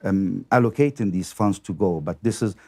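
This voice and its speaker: Low, dark-voiced priest, measured. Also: male voice, breathy edge. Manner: measured, with many "uh" fillers. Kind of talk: casual chat.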